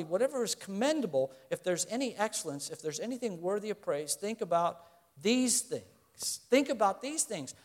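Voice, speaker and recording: Man, middle-aged, high voice, preaching, earnest, conversational, rhetorical questions. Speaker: pastor. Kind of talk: sermon.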